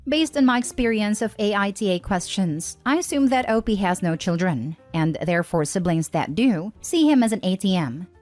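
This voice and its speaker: A woman narrating online posts and comments aloud in an even, conversational storytime read. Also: medium pitch. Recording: dry close voice over faint music. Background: faint background music.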